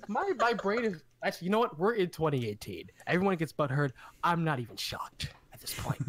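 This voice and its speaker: Bright, lively young man chatting. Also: fairly high pitch, a little fast. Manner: joking, laughs a lot. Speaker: podcast co-host. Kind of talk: casual chat.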